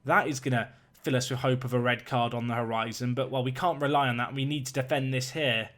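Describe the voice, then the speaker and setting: A young man giving lively play-by-play commentary on a football management video game, climbing in excitement on big chances. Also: medium pitch, fast talker.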